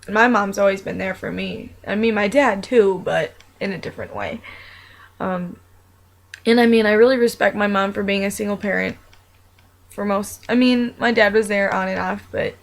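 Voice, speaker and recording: A young adult woman vlogs about her own life in a casual, rambling, chatty monologue full of fillers and restarts. Her mid-range voice is creaky, her pace moderate, and the recording rough.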